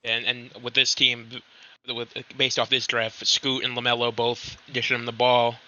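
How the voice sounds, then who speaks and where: A man's voice: mid-range voice, monotone, normal speed, sharp tone. A man calling in to a casual sports talk show, stumbling and correcting himself as he talks. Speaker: caller. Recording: dull lo-fi voice chat.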